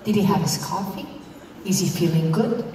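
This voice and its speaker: A woman's voice: lowish voice, moderate pace, mellow, a little hiss or hum. A woman tells a comic story on stage, acting out both sides of a conversation. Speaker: performer on stage. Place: large hall. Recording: echoey hall from far off.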